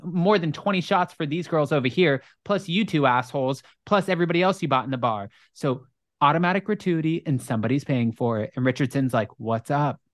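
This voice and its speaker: A woman telling a story in casual chat, full of "like" fillers and casual swearing, acting out the people she quotes in higher voices. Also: a little fast, dry recording, studio quality. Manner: animated storyteller, acts out quotes in high voices.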